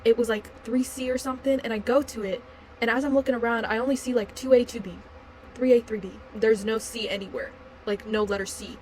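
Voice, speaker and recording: A young woman with a fairly high voice tells a story straight to the camera in a loose vlog ramble. She fills her talk with fillers and breaks into blunt swearing now and then. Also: fairly even intonation, fairly quick, darkish tone, poor audio. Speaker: vlogger.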